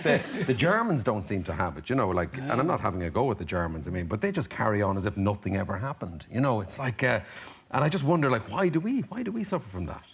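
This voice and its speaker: A man's voice: on the low side, sing-song, quick pace, slightly rough. An Irish man, a comedian guest on a chat show, telling rambling self-deprecating anecdotes full of "you know" and "like". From Ireland.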